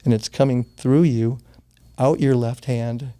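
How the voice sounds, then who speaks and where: This interview guest, a man in his sixties, speaks with a steady tone in a mellow, mid-range voice, a little slow. Telling a personal story, he's earnest and casual, swears now and then, and sometimes turns emotional and chokes up.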